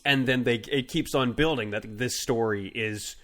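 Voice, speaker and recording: A man co-hosting a comedic podcast, rambling and halting with many fillers and restarts. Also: medium pitch, fairly bright tone. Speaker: podcast co-host. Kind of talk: casual comedic chat.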